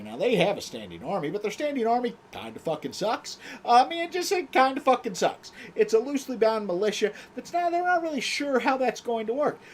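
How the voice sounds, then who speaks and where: A man hosting a livestream, telling history in a casual, profane, jokey way with mocking put-on quotes. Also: sits high. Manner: profane, animated, jokey storytelling with mock quotes. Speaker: livestream host.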